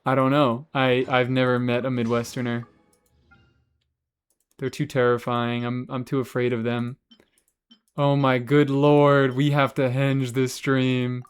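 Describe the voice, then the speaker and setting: Sarcastic young man streaming, smooth voice. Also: medium pitch, level tone, measured pace. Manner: sarcastic, banters with chat, swears freely. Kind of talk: casual game stream chat.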